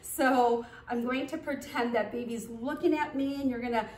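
A woman's voice: a little high, fairly even intonation, normal speed, darkish tone, distant mic, a little hiss or hum. A woman leading a baby yoga class, guiding parents through poses and breaking into sing-song baby talk and animal sounds. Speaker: yoga instructor. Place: yoga studio. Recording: echoey studio from off mic.

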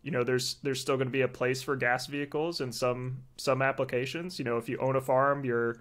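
A male podcast co-host explains things in a casual chat, relaxed and easygoing with plenty of fillers. His voice is at a middling pitch, and he speaks fairly quickly.

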